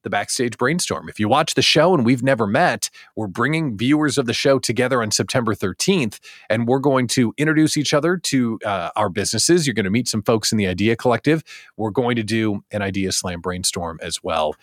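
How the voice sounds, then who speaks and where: A man's voice: medium pitch, fairly quick, dry recording, clean studio sound. A middle-aged man hosting a live show, talking to his viewers in a playful, upbeat way. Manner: playful, animated, talks straight to viewers. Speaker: host of a daily live small business show. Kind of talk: upbeat live-stream talk.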